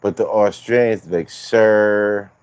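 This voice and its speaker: A man's voice: sits low, slow, warm tone, no echo. A man hosting a livestream, chatting casually with viewers in loose, profane, rambling banter. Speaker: livestream host.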